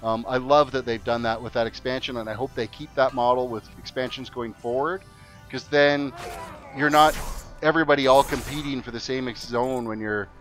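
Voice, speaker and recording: Male streamer, casual, jokey, mid-pitched, soft game music under. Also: steady tone, normal speed. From Canada, Alberta. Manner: joking, chatty, reads viewer chat aloud. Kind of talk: casual gameplay chat. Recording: faint game music behind.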